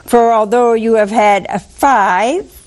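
A woman's voice: fairly high pitch, slow pace, darkish tone. A woman preaching, quoting a patient, firm male teacher in her own voice. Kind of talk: acted quote in a sermon.

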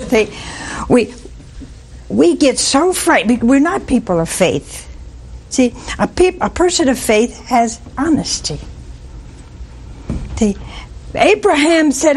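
A woman's voice: fairly high pitch, sing-song, slow pace, long pauses, darkish tone, husky. A woman preacher giving a folksy sermon, telling stories with frequent chuckles and asides like "see?". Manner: folksy storytelling, chuckles often, asks "see?".

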